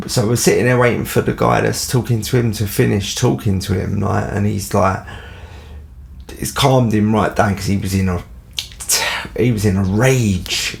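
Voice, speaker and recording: A man's voice: medium pitch, unhurried, vocal fry. A man with a London accent telling a casual anecdote, rambling and full of fillers. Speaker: storyteller.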